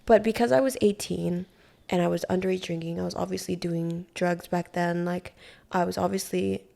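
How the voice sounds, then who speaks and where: A young woman from Hawaii, a podcast guest, telling a story in casual, profane, animated talk full of "like". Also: on the low side, normal speed, vocal fry. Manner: profane, animated, heavy use of "like".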